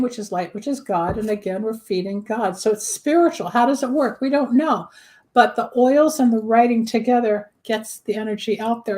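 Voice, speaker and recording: A woman's voice: fairly high pitch, darkish tone. Chatty woman host explaining candle magic. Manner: chatty, explains with everyday examples. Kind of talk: casual talk show chat.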